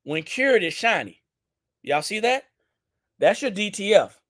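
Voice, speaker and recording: A man's voice: high-pitched, big pitch swings, a little slow, a bit bright. A man from Louisiana with a Southern accent, hosting a casual live-stream product demo for his shop. He is chatty, repeats himself and talks straight to his viewers. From Baton Rouge, Louisiana.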